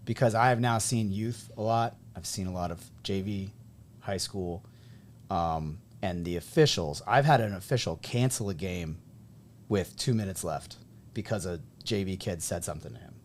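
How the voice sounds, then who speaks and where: A man in his thirties from New England, hosting a casual podcast conversation and telling stories in an animated way. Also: deep voice, moderate pace, a little hiss or hum. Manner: animated storyteller, acts out quoted people. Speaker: podcast host and high school coach.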